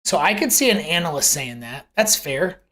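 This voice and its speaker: This is a host of a live chart analysis show who talks casually and off the cuff. Their voice swings widely up and down in pitch as they throw in homely comparisons and rhetorical questions. They often break off and restart phrases. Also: big pitch swings, normal speed, sharp tone. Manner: conversational and rambling, with self-corrections.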